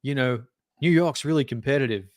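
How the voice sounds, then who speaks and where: A man's voice: medium pitch, a little fast, dry recording, studio quality, close to an everyday voice. A man quoting a laid-back man from New York in his own everyday voice. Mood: easygoing.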